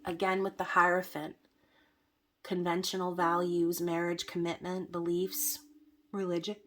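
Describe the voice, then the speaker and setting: A woman reads tarot cards for her viewers in a relaxed, chatty way, often pausing to check in with them. Her voice sits a bit low and stays fairly flat and even. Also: faint music behind. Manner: chatty, frequent fillers and "okay?" check-ins. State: hiccups. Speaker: tarot reader. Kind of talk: casual tarot reading to camera.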